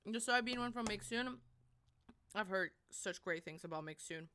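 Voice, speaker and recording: A woman's voice: mid-range voice, moderate pace, sharp tone. A young woman streaming, chatting casually and rambling to her viewers. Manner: chatty and rambling, talks to chat. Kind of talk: casual live-stream chat.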